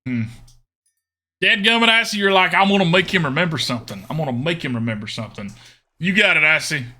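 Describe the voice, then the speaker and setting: Male streamer, slightly high, very bright tone, chatty game commentary in a mock drawl. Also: expressive, fast talker. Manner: chatty, talks to chat viewers; jokingly put-on twangy drawl.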